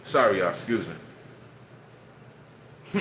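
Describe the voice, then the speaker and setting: Man, casual streamer chat, rambling, animated pitch, faint background noise. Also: slow pace. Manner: rambling, joking, talks while eating.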